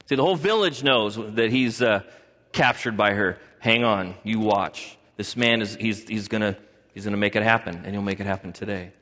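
A man's voice: lowish voice, moderate pace, fairly bright tone. A male pastor preaching a sermon in an emphatic style, with rhetorical questions and storytelling. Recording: long hall reverb.

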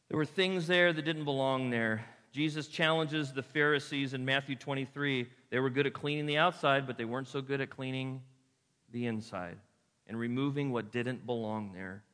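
A man preaching a lively sermon as a pastor, telling stories and acting out voices. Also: mid-range voice. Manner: lively storytelling with acted-out voices. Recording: echoey hall.

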